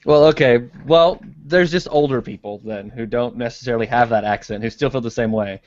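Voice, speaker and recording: A man co-hosting a casual podcast chat, firing off quick questions and teasing remarks. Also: mid-range voice, a little mellow, no echo, muffled recording. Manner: wisecracking, questioning. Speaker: podcast co-host.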